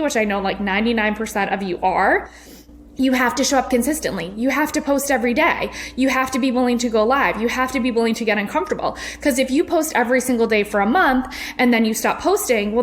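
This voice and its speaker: A woman's voice: on the high side, slight background noise. A woman, hosting a casual motivational podcast from her home kitchen in a chatty, upbeat, folksy way. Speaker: podcast host and network marketing coach.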